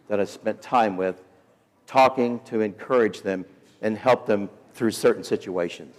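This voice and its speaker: A middle-aged man preaches to students in a lively, storytelling way. His pitch rises and falls a lot as he talks. The sound carries a long reverb from a large assembly hall. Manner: animated storyteller, acts out voices in quotes. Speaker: week of prayer speaker.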